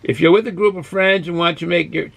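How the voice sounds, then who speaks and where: A man's voice: high voice, steady tone, a little fast, creaky, fairly bright tone. A man from Boston hosting a casual beer review vlog, who rambles and goes off on tangents while drinking and snacking. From Boston, USA. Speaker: beer review channel host.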